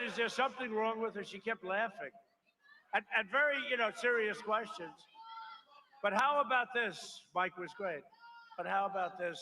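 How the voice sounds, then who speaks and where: A man giving a rambling, boastful campaign rally speech at a podium microphone, full of repeated asides. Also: sits high. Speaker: politician. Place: large rally crowd. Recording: noisy live rally recording.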